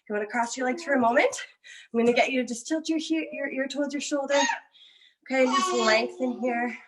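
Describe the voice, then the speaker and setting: A Canadian woman with a high, bright-sounding voice leads a home workout as the coach. She talks upbeat and encouraging, cheering people on through the reps and counting down each round. She is out of breath from keeping up with the class. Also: quick pace. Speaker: fitness coach.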